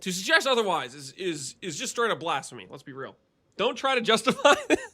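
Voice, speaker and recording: Male game streamer, bright and sharp tone, a bit high-pitched, teasing banter with chat. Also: slightly rough. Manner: excitable, teasing, quick to laugh and banter with chat. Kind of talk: casual live gameplay commentary to chat.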